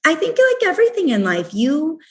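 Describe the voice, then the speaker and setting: A woman's voice: high voice, huge pitch swings, a little fast. A woman in her forties, a founder talking candidly and with animation in a casual interview, laughing often. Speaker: guest, company founder.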